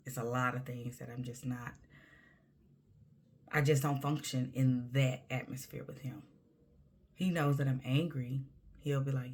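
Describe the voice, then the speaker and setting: A woman's voice: rumbling low, flat delivery, moderate pace, a little mellow. A woman talking candidly to camera in a personal monologue, emphatic and conversational, sometimes dropping to a near-whisper. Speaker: vlogger.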